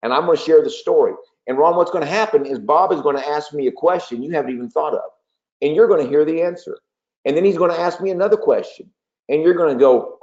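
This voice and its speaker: A man's voice: medium pitch, fast talker, darkish tone. Male sales trainer, persuasive coaching tone, muffled webinar sound. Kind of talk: webinar training talk with role-play. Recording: dull lo-fi webinar audio.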